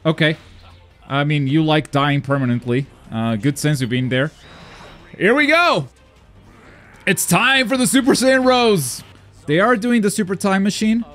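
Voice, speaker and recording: A man commentating his own online game as he plays, talking to himself, muttering asides and then yelping loudly when things go wrong. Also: fairly high pitch. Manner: excitable, swings from mumbled asides to loud yelps. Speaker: gaming YouTuber. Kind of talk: live gameplay commentary.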